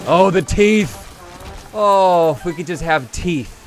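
A young man commenting on his own game run, excitable, swinging from quick mumbles to loud whoops and swearing freely. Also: high voice. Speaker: gaming YouTuber. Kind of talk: Let's Play commentary. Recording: game music playing behind.

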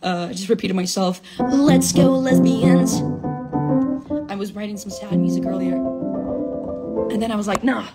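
A woman's voice: mid-range voice, fairly even intonation, a little fast, long pauses, loud music behind the voice. A young woman hosting a casual live stream from home, talking in a hyper, rambling, giddy way into her phone. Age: young adult. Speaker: livestream host. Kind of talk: casual livestream chat. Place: at home, alone.

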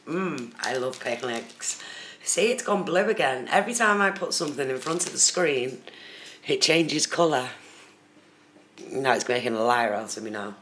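Here the host is lively and a little bright, with a mid-range voice at normal speed, casually talking to people in the chat by name during a phone live stream. The phone camera mic picks up a roomy space with faint noise behind.

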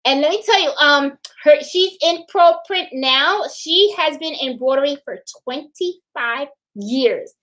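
A woman's voice: high-pitched, lively intonation, measured pace, few pauses, a bit bright, low-quality recording. A woman hosting a casual live stream, chatty and repetitive, often laughing and greeting viewers by name. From Puerto Rican. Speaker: livestream host.

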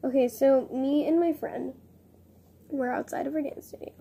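Young female vlogger, high mellow voice, chatty, rambling, self-mocking. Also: fairly even intonation, normal speed, gravelly. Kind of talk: casual vlog chat.

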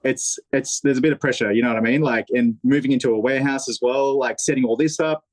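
An Australian man talks loosely and keeps restarting his sentences, laughing often as he goes. His voice sits at an everyday middle pitch. The sound is dry and close, with no room around it. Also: fairly even intonation, fast talker, no echo, poor audio. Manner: rambling, many restarts and fillers, laughs often. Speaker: podcast guest, motorcycle YouTuber. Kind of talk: casual chat.

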